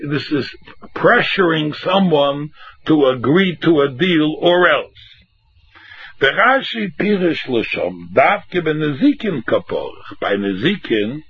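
Animated man teaching a Talmud class. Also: medium pitch, slightly rough. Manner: animated, acts out both sides in a lively singsong. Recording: dull lo-fi recording.

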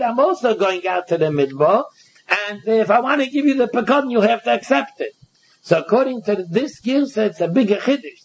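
A man with a Yeshivish English accent teaching a Talmud passage aloud, reading lines and then explaining them, often halting and repeating words. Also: fairly high pitch, slightly rough. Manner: halting, repeats words and restarts, reads Aramaic then translates. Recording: dull lo-fi recording.

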